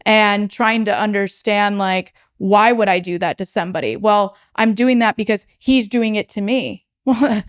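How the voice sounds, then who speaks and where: A woman's voice: medium pitch, a little slow, hardly any pauses, clear, resonant tone. A young woman telling her personal story as a podcast guest, frank and swearing freely as she relives it. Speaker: podcast guest, startup founder.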